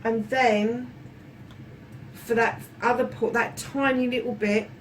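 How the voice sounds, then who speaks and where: A woman's voice: fairly high pitch, fairly even intonation, slow. A woman giving a casual tarot reading, chatty and affectionate, swearing freely and calling her viewers darlings. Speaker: tarot reader. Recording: slightly distant mic with faint room noise.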